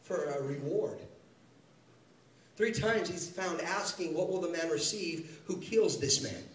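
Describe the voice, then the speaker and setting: Man, preacher, sermon, animated storytelling, high-pitched, distant mic, reverberant church hall. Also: unhurried. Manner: animated storytelling, acting out biblical dialogue. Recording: echoey room, mic at a distance.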